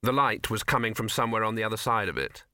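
A man narrating an audiobook in a measured, expressive storytelling manner. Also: on the low side, no echo, clean studio sound.

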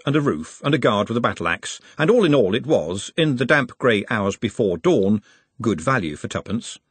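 Husky guy reading a novel aloud, lively up-and-down voice, dry close sound. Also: fairly low pitch, no room sound. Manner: wry, expressive storytelling. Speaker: narrator. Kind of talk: audiobook narration.

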